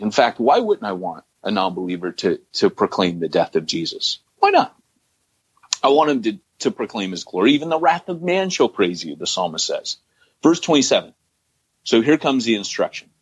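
A man's voice: medium pitch, husky, muffled recording. A man co-hosting a podcast, reading scripture passages aloud and explaining them emphatically in a conversational teaching style. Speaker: podcast co-host.

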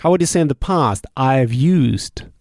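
Guy teaching a drill lesson, gravelly mellow voice, slow patient repeats. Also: mid-range voice, lively intonation, no room sound, studio quality. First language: German. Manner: patient, asks then answers, repeats phrases slowly. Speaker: language teacher. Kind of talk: spoken language drill lesson.

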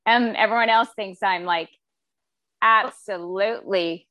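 A woman's voice: medium pitch, a little slow, no room sound. A woman, a podcast guest and former police officer, talking casually and acting out the voices of the people in her stories. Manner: animated storyteller, acts out quoted voices. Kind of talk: casual conversation.

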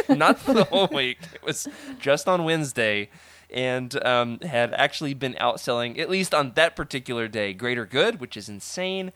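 A man hosting a casual podcast chat, enthusiastic and animated, laughing often as he talks. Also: mid-range voice, normal speed. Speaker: podcast host.

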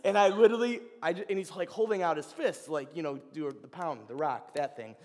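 A young man giving an informal sermon to a ministry gathering, telling personal stories in a chatty, animated way. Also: a little high, brisk. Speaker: ministry speaker. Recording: long hall reverb.

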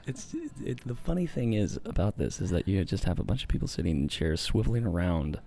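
A man's voice: lowish voice, quick pace, vocal fry. A man hosting a podcast, chatting casually and joking with guests in a festival press room. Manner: joking, animated. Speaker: podcast host.

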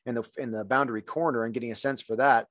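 A man's voice: medium pitch, steady tone, fast, fairly bright tone, no room sound. A man, a former wide receiver now in broadcasting, explaining the game in detail in casual podcast talk. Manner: thoughtful, explains in detail with many restarts. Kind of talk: casual sports podcast chat.

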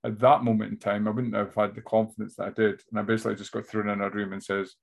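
A man with an Aberdonian Scottish accent, a stand-up comedian telling animated stories as an interview guest. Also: on the low side, quick pace, vocal fry. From Scotland. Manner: animated storyteller who slips into voices. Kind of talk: casual interview chat.

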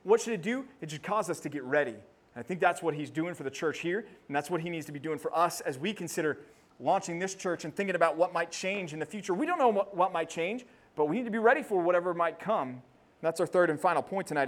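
A pastor with a rather high male voice delivers his sermon in an animated way. He talks to the congregation directly, and when he reaches the rousing quotes his voice climbs and gets loud. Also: fast. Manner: animated preaching, voice rising to near shouting when quoting.

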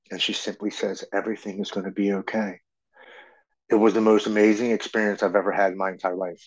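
A man in his forties telling his own story as a podcast guest, earnest and halting, often restarting his sentences. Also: fairly low pitch, dull audio. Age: 40s. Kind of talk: personal recovery story.

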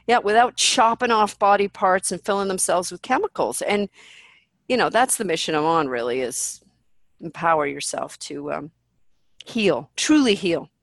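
A woman's voice: on the low side, moderate pace, no room sound. A woman guest in a candid interview, talking bluntly and with animation, swearing freely and acting out what people say. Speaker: podcast guest.

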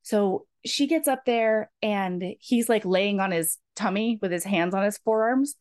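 A woman podcast host retelling a book plot in casual, animated chat, full of 'like'. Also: mid-range voice, a little slow. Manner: animated, chatty, many fillers of 'like'.

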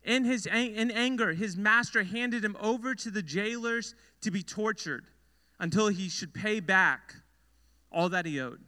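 High bright-voiced young preacher in hall. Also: male voice, unhurried, smooth. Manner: earnest storytelling preacher, emphatic repetitions. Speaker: youth pastor. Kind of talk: sermon. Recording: long hall reverb.

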